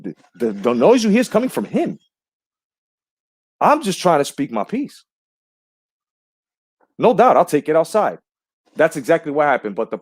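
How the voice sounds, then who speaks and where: Man, boxing channel commentator, indignant profane rant, fairly high voice, dry close sound. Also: dry recording. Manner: heated, indignant, profane storytelling. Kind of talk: casual ranting monologue.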